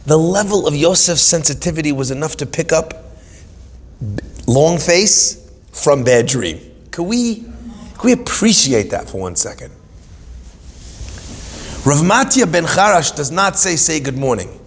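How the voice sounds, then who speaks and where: A man gives an animated Torah class, moving between stories and humorous asides. His voice sits on the higher side and carries dramatic emphasis. The sound has the long reverb of a hall. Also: a little slow, long pauses, a little hiss or hum. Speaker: Torah teacher.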